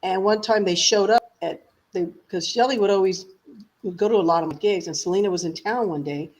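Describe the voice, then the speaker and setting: A woman singer being interviewed, telling stories in a lively, chatty way and laughing often. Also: medium pitch, fairly quick. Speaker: singer guest. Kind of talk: casual interview chat.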